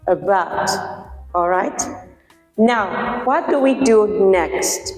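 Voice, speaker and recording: A woman teaching a pronunciation lesson, patiently explaining and slowly repeating words to model their sounds. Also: mid-range voice. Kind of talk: slow, deliberate lesson explanation. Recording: echoey room with long reverb, faint music.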